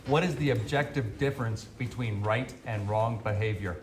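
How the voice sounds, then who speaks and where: A man in the crowd poses a formal, carefully phrased question. His voice is mid-pitched and plain. A roomy echo surrounds it, and clear clicking noises sit in the background. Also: normal speed. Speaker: audience member asking a question. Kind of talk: question at a town hall. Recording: echoey hall with clicking noise.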